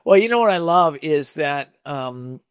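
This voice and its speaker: A male talk-show host with a slightly higher voice, friendly as he reads a guest's bio and asks about his story. The sound is dry and close to the mic. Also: expressive, measured pace, smooth, no echo. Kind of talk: interview hosting.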